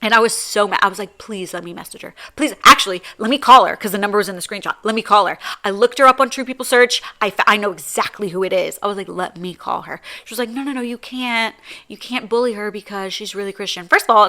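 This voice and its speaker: A woman's voice: medium pitch, expressive, quick pace, sharp tone. A woman hosting a solo podcast, talking casually and bluntly, swearing freely and flaring into heated rants. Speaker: podcast host.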